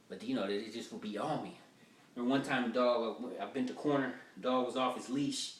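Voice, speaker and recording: Captured by a distant microphone in a roomy space with slight background noise, a male comic tells loose, foul-mouthed stories. His mid-range voice stays steady and moves fairly quickly through this rough-draft stand-up.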